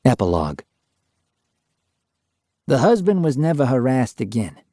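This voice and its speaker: An older man narrating a true ghost story in a slow, measured way. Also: mid-range voice, big pitch swings, warm tone, dry recording, clean studio sound.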